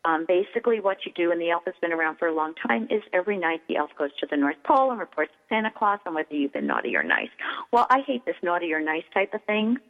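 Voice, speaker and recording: Middle-aged shop-owner guest, lively explainer, heard over a tinny line. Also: female voice, lowish voice, fast talker. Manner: animated, explains with acted-out examples. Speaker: toy store owner, guest. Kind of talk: radio interview. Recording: tinny phone line with long reverb.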